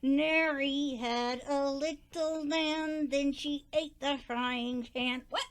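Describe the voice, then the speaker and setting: A woman's voice: sits high, steady tone, takes it slowly, voice pushed up. A woman voicing a silly, cheeky female parrot puppet that talks in a sing-song, playful way and mangles nursery rhymes. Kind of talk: puppet performance.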